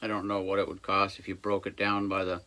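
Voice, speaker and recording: A small engine repair shop owner talks through a repair in a casual workshop how-to, folksy and rambling with jokey asides. His deep voice is monotone, fast, pushed and bright. The workshop sits by a busy road.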